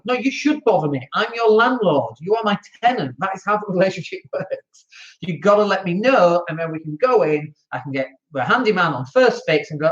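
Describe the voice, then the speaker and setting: An excitable Northern English man hosting a podcast, talking casually about running rental properties with mock outrage. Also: sits high, a little fast, muffled recording. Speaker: podcast host, landlord. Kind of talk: animated casual talk.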